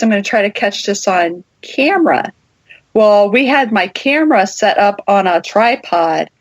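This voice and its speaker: A woman's voice: medium pitch, no room sound. Chatty woman host, dry close sound. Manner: chatty, lots of "like" and "you know". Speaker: podcast host. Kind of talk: casual chat.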